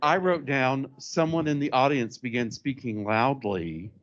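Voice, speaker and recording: A man in a conference audience making a candid, animated comment from the floor. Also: mid-range voice, unhurried, muffled recording, slight background noise. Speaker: audience member. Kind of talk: question from the floor. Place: conference room.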